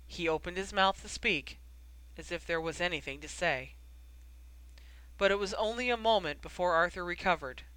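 Narrator, bright crisp tone, dry close sound, steady storybook reading. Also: medium pitch, normal speed, dry recording, rough recording. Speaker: audiobook narrator. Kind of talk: scripted narration.

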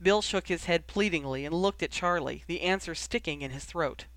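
A reader narrating a fan fiction audiobook in a measured, expressive way. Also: mid-range voice, dry recording.

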